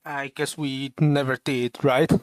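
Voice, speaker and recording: A man livestreaming while he programs, thinking aloud in a mumbling, halting way and questioning himself as he goes. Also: mid-range voice, flat delivery, smooth, dry recording.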